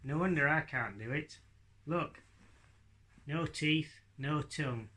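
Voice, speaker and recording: Guy throwing his voice as a goofy confused puppet, cheeky and a bit daft, bright and sharp-toned. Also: a little high, slow. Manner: confused, cheeky, interrupting, talked without lip movement. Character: cheeky, dim-witted ventriloquist puppet with a sponge brain. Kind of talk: ventriloquist puppet act.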